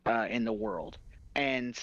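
A man co-hosts a casual game-review podcast and tells his stories with lively energy and easy swearing. The recording sounds a little muffled and completely dry. His pitch sits in an ordinary middle range. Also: slow pace, no echo. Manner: animated storyteller, swears casually. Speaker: podcast co-host. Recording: slightly dull, dry sound.

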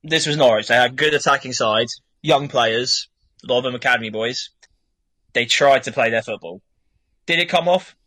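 A man's voice: medium pitch, normal speed, pushed and bright, no echo. A young man co-hosting a casual football chat, rambling and swearing freely. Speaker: podcast co-host.

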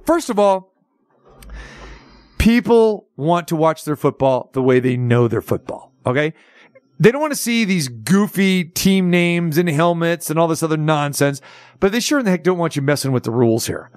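A man's voice: a little high, animated, normal speed, no echo, clean studio sound. A man hosting a sports radio show, ranting with sarcastic asides. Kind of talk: casual sports talk radio rant.

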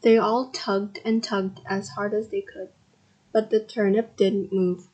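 A woman hosting a podcast reads a children's story aloud carefully, with loud animal noises and shouts for the characters. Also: medium pitch, little pitch movement, lo-fi sound. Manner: slow, careful reading with bursts of loud sound effects. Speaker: podcast host and story reader.

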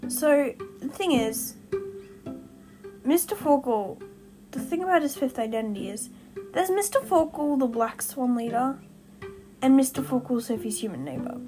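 This young woman's high voice is animated and moderately paced, pausing often as she rambles, giggles and corrects herself on her casual fan-theory podcast. It's a low-quality home recording by a window, with music playing behind her.

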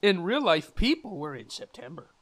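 A man's voice: high-pitched, sing-song, fairly bright tone. A man playing in a tabletop role-playing game, chatting casually and cracking playful jokes at the table. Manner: playful, wisecracking, quick to joke. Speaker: player.

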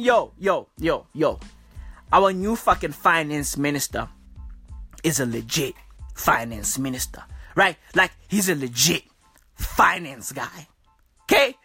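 A woman's voice: lowish voice, a bit bright, breathy edge, no room sound. A woman hosting a podcast, delivering a profane comic rant full of slang, with "bruv" and "okay" after nearly every line. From South Africa. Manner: swearing, slangy, keeps tagging bruv and okay. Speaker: podcast host.

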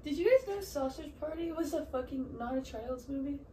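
A woman's voice: high voice, brisk, mellow. A woman chatting casually on a podcast and swearing now and then. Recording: distant mic, noticeable background noise.

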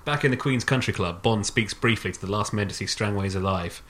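A man's voice: lowish voice, fairly quick, a bit bright, slight background noise. A man hosting a podcast, recounting a film's plot and then rambling into casual chat with frequent restarts. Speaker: podcast host. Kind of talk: casual film review chat.

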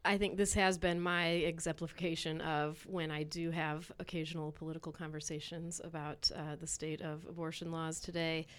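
A woman chatting casually on a podcast about a movie, animated and quoting lines. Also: sits low, normal speed, hardly any pauses. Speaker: podcast co-host. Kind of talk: casual chat.

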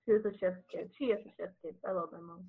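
A young woman in casual chat, telling family stories in an animated, laughing way. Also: fairly low pitch, very fast, husky. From Mexican family. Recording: tinny phone-like sound.

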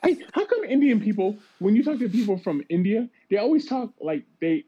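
Brief: man, podcast co-host, profane rambling storyteller, lively delivery, mellow tone, dull lo-fi recording. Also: high-pitched, brisk, slightly rough. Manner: profane, animated storytelling with many restarts. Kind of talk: casual chat. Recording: dull lo-fi sound.

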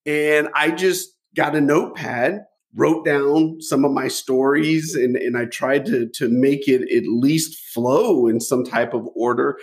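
A middle-aged man telling stories from his life as a podcast guest, animated, often repeating a word as he starts a thought. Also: mid-range voice, measured pace, few pauses. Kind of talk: storytelling interview.

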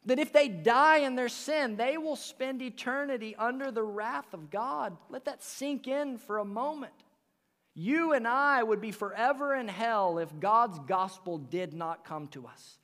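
High-voiced guy preaching a slow sunday sermon in a church, big hall echo, gets loud then drops to a whisper. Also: animated. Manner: earnest preaching, rises and drops to near whisper. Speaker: pastor. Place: church sanctuary.

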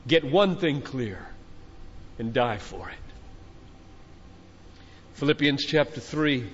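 Older male preacher, high-pitched and unhurried, fervent and exhorting, captured with a dull, echoing hall sound. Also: expressive, breathy edge. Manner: fervent, exhorting, repeating phrases with rising intensity. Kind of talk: sermon to a youth conference crowd. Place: large conference hall.

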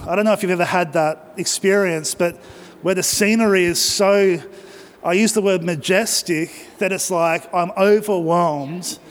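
An Australian man preaching, telling a personal travel story in a conversational way and speaking directly to the audience. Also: sits high. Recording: long reverb of a large hall.

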